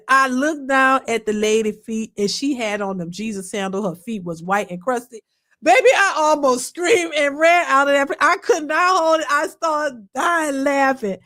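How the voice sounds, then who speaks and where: A woman hosting a casual live stream, telling a funny story in an animated, colloquial way and answering chat comments. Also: high voice. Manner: animated, laughing, colloquial, swings from loud to hushed.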